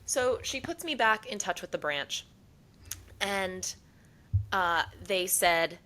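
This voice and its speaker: A woman's voice: medium pitch, expressive, slow pace, long pauses, pushed and bright, rough recording. A young woman co-hosting a podcast, telling a long story in casual chat and acting out the people she quotes. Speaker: podcast co-host.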